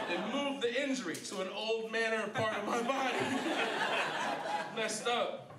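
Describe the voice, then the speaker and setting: A man in his thirties doing a stand-up comedy set, wry and self-deprecating, jumping into high voices for punchlines. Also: normal speed, crowd noise. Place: comedy club stage. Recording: echoey club from a distance, hall mic. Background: audience laughter.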